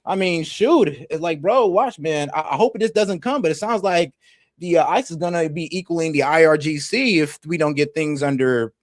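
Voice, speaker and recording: A man's voice: on the high side, moderate pace, dry recording, studio quality. A man co-hosting a political reaction stream, casually poking at the other side of the argument. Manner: laid-back, sly devil's advocate. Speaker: co-host.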